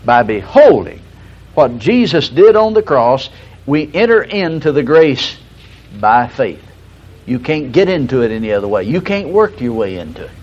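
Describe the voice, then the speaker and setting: An older man, teaching a broadcast sermon in a folksy storytelling way with slow, emphatic stresses. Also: mid-range voice, sing-song, darkish tone, husky. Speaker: radio Bible teacher. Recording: dull lo-fi broadcast recording.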